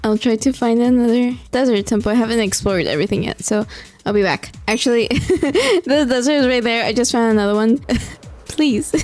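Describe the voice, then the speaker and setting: A woman's voice: fairly high pitch, moderate pace, a little mellow. A young woman giving casual commentary over her gameplay, tired late at night, pleading and exasperated and laughing often. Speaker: gaming vlogger.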